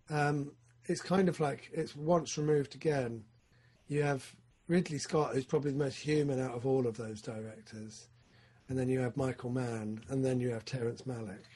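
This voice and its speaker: A man, co-hosting a casual film podcast, talking with big bursts of enthusiasm that drop into low asides. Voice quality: husky. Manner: excitable, swings from loud enthusiasm to low mumbling asides. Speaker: podcast co-host.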